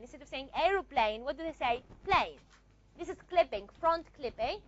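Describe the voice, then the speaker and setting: High-voiced woman teaching a lecture. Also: lively intonation, a little fast, a bit bright, muffled recording. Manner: repeats and asks rhetorical checks, with frequent fillers. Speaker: linguistics teacher. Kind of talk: recorded classroom lecture.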